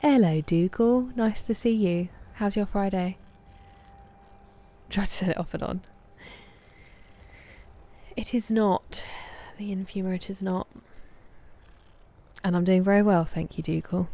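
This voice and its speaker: A woman with an English accent streaming a game, chatting casually and warmly greeting viewers by name, sometimes dropping to a whisper. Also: mid-range voice, a little slow, long pauses.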